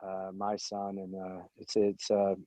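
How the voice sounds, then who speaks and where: Young man, low flat dark voice, dull dry sound, low-key. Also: measured pace, no room sound. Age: young adult. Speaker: old friend.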